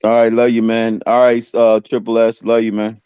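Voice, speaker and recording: A man on a podcast chatting casually and signing off loudly and easily. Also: medium pitch, monotone, moderate pace, clean tone, no echo, dull audio. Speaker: podcast guest.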